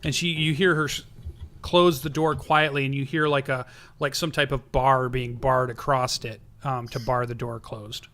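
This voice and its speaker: A man's voice: mid-range voice, fairly even intonation, normal speed, a bit bright. A man narrating as game master, easygoing and prompting players with questions.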